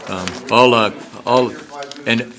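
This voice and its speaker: A man chairing a regional council meeting, running through agenda items in an informal, halting way with many fillers. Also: mid-range voice, fairly even intonation, fairly bright tone. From Canada.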